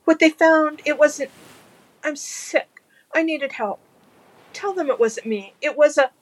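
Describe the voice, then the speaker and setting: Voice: high-pitched, unhurried, voice pushed up. A reader voicing a frantic, desperate man who stammers and pleads in a fan audiobook.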